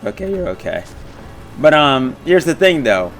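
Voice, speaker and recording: Male gamer, fired-up complainer, swears, clear game music underneath. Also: a little high, normal speed. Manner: excitable, swears often, complains loudly. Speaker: gamer streaming with a friend. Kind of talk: casual gaming chat.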